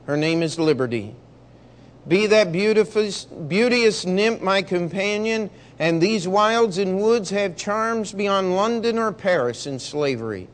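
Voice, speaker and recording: Earnest, eloquent patriot general, proud and calm, slightly high voice as a man reads him aloud. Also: unhurried. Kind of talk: read-aloud storybook dialogue.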